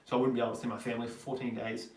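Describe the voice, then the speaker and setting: A man's voice: mid-range voice, flat delivery, racing, a little mellow. Australian man in his twenties, roomy and distant. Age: 20s. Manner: chatty and rambling, answering viewers. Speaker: vlogger host. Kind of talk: live-stream Q&A chat.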